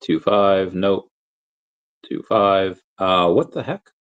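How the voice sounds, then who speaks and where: Rambling low-voiced man hosting a livestream. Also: takes it slowly, smooth, highs cut off. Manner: rambling, thinks aloud with many fillers. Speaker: crypto livestream host. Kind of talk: casual livestream chat reading super chats.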